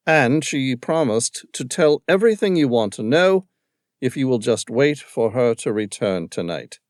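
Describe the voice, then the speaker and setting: A male narrator voicing a dutiful, reserved male footman with a British accent and a monotone drawl. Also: mid-range voice, unhurried, no echo, clean studio sound.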